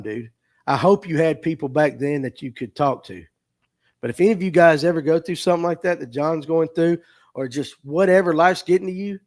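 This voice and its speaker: Guy hosting a fishing stream, kinda high voice, heartfelt and choked up, says stuff twice. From US South. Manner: earnest, emotional, repeats himself, near tears. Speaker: tackle shop owner hosting a livestream. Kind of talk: heartfelt casual livestream talk. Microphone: streaming mic.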